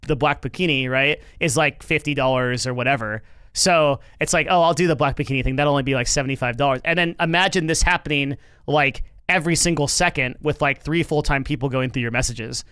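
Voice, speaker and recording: A man's voice: on the high side, bright, forceful tone, smooth, dry recording. A man streaming and reacting to news in casual commentary, rambling with lots of fillers, restarts and swearing.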